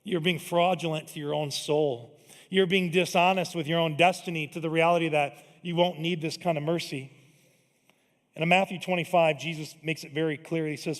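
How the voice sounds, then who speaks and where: A man's voice: a little high, steady tone, normal speed. A man preaching a sermon as pastor, telling self-deprecating stories and laughing often. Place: church auditorium. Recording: long hall reverb.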